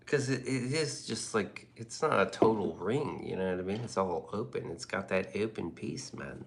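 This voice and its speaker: A man's voice: fairly low pitch, normal speed, gravelly, a little hiss or hum. A man hosting a livestream in rambling casual chat, profane and loose, often laughing. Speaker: livestream host.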